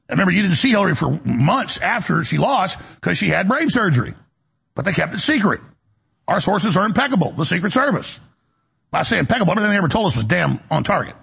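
A middle-aged man with a gravelly, raspy voice, hosting a heated, digressive political monologue. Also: a little high, a bit bright. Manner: angry ranting, digressive, voice swings up when worked up. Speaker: talk show host.

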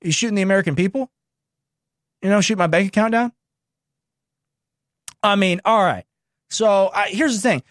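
A man hosting a show, reacting to news clips with sarcastic, mocking political commentary and telling the producer when to pause. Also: sits high, fairly bright tone, no echo, studio quality.

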